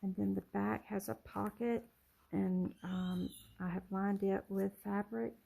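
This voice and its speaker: Soft-spoken rambling woman, gravelly voice. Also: medium pitch, fairly even intonation, unhurried, low-quality recording. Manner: soft-spoken and rambling, with many ums and self-corrections. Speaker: junk journal crafter showing her work. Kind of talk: casual show-and-tell vlog.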